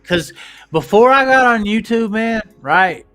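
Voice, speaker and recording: A man with an Appalachian accent, hosting a livestream in casual, profane chat and talking in a slow drawl. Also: sits high, lively intonation, sharp tone, clear, resonant tone, soft background music. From Appalachian United States. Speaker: livestream host.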